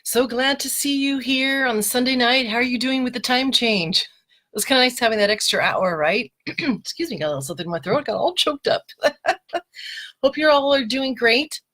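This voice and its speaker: A woman's voice: a little high, expressive, moderate pace, fairly bright tone. A middle-aged woman hosting a casual live video show, chatty and laughing often as she greets viewers by name. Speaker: host of a live mindset show. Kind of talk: casual live-stream talk. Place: home, live video broadcast. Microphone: webcam or phone.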